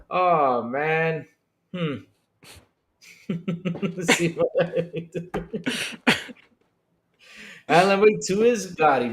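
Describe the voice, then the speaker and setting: A man's voice: on the high side, fairly bright tone, a little hiss or hum. A man hosting a casual gaming podcast, joking around and calling everyone brother. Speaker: podcast host.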